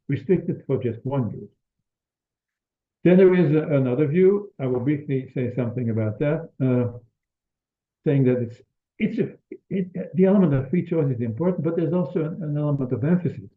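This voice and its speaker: An older man, a native Dutch speaker, giving an academic seminar lecture on linguistics in a hesitant, explanatory way with frequent restarts. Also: mid-range voice. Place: lecture room. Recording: echoey room over a thin phone-like line.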